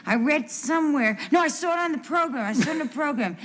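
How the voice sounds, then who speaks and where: An actress playing a naive, flustered housewife in a 1970s TV soap, rambling and repeating herself nervously. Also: female voice, sits high, lively intonation, fast talker, fairly bright tone.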